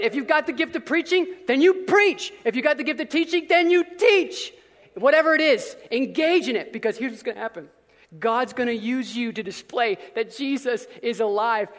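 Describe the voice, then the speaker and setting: A male pastor preaching a sermon in an energetic, casual way with slang, now and then breaking into shouts. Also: high voice, in a large hall.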